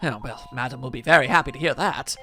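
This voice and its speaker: A man's voice: medium pitch, fast, sharp tone, soft background music, voice pushed down. A man voicing a flustered older male butler in a video game, stammering and urgent.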